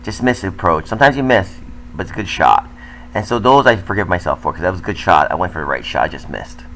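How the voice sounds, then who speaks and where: A man's voice: sits low, lively intonation, fast talker, vocal fry, a bit bright, a little hiss or hum, poor audio. An older man, a tennis coach, talking candidly and self-critically as he comments over footage of his own match.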